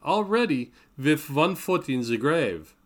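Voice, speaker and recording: A man's voice: mid-range voice, animated, a little slow, close to an everyday voice. A man voicing a young woman, teasing and lightly formal in an audiobook reading.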